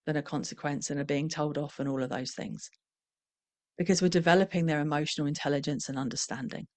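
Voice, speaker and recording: This middle-aged woman, who trains professionals in parenting, talks in a reflective, candid, conversational manner and mimics the parents and children she quotes. Her voice sits low, and the recording is dry.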